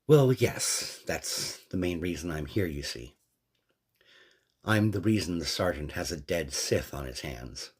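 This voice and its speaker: A man voicing a gentle, wry middle-aged woman who owns a café, in a fan story reading. He keeps her measured and quietly defiant. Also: sits low, expressive, slightly rough, heavily acted.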